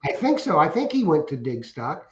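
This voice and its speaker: A man's voice: on the high side, big pitch swings, brisk, a little mellow, a little hiss or hum. A middle-aged man co-hosting a casual livestream, reading out viewer comments and rambling through jokey stories that he laughs at himself. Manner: joking, rambling, laughs at his own stories. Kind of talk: casual chat. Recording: roomy, dull lo-fi stream audio.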